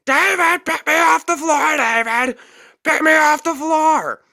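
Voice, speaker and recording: A man voicing a drunken elderly man who yells for help in a high screech. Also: unhurried, gravelly, exaggerated voice. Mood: screaming.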